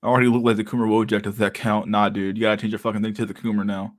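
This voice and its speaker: Young male streamer, low voice, loose and crude, laughing between chat replies. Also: flat delivery, racing. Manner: laid-back, crude, laughing often, mumbling to himself. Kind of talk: casual livestream chat.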